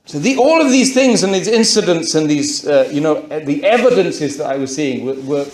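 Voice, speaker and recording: A man tells his personal story to an audience, raising rhetorical questions as he goes. His voice sits a little high and swings widely in pitch. The sound is roomy and echoey. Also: expressive, normal speed. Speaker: speaker giving a conversion testimony.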